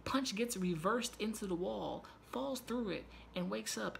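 A man hosting his own channel, giving a loose, profane and excitable spoiler recap with quick asides. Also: high voice, creaky, slight background noise. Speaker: YouTube show reviewer.

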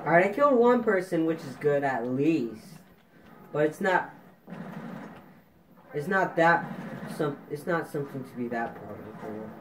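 Ranting frustrated man with raised pitch. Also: big pitch swings, measured pace, long pauses, a little hiss or hum, poor audio. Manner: ranting, exasperated, repeats complaints. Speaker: gaming video host. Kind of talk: frustrated gameplay commentary.

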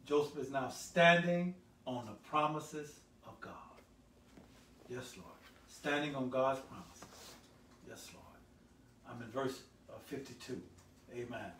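A male pastor preaching a sermon, swelling loud on scripture and dropping low for "help me, somebody.". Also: animated, takes it slowly, pauses often, slight background noise. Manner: call-and-response preaching, swells loud then drops low. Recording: echoey room, voice from a distance.

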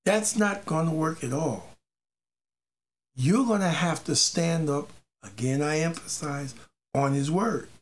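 Speaking a little slowly with long pauses, a faith teacher in a mid-range voice gives an informal preaching monologue. It's emphatic and repetitive, weaving personal testimony with exhortation and sometimes stumbling over words.

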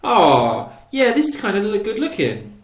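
A man with a high voice and wildly swooping pitch hosts a casual gaming channel, taking his time as he giggles and teases his old builds with playful exclamations. The commentary carries a roomy echo.

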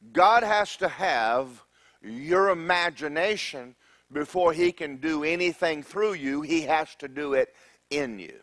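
A male pastor preaching a sermon, animated and joking as he retells a story. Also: on the high side, a little slow, no room sound.

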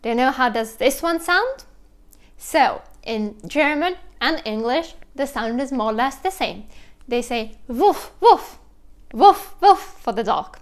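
A young woman with a Russian accent explains sounds in a casual vlog, lively and imitating animal noises as she goes. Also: fairly high pitch, measured pace. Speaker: language teacher vlogger.

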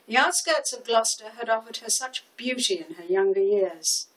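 A woman in her seventies narrating a short story in a measured, expressive reading. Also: fairly high pitch, far from the mic, low-quality recording. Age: 70s. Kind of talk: audiobook reading.

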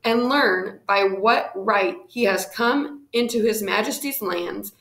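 A woman reading aloud, voicing a shrewd male royal governor who speaks formally and briskly, in an echoey room. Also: mid-range voice, vocal fry, a bit bright.

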